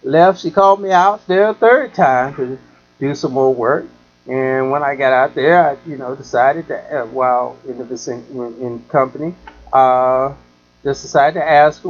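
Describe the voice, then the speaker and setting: A man's voice: mid-range voice, moderate pace, lo-fi sound. A man hosting a talk show, telling a rambling story in a casual way, full of "you know", and acting out the people in it.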